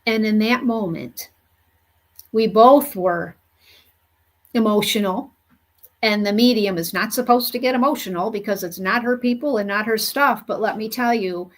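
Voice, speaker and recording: A woman medium telling a story in an earnest, unhurried way, with many "you know" fillers. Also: mid-range voice. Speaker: spiritual medium. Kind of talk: storytelling monologue.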